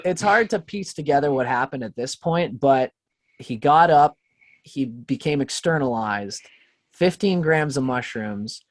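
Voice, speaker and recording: Profane, animated male podcast guest. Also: mid-range voice, measured pace, no echo, studio quality. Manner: profane, animated, acts out quoted voices. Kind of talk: casual storytelling.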